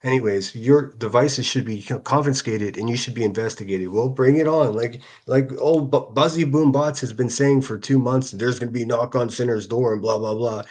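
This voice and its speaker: A man's voice: medium pitch, normal speed, few pauses, darkish tone. A man hosting a solo livestream, reading out hostile comments and answering them in a sarcastic, profane rant. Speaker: livestream host.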